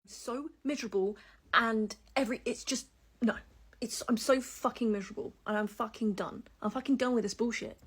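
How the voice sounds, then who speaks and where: A woman's voice: on the high side, steady tone, fairly quick, breathy edge. A woman ranting angrily into her phone, bitter and swearing constantly. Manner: angry, bitter, heavy swearing. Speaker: social media ranter. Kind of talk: casual rant to camera.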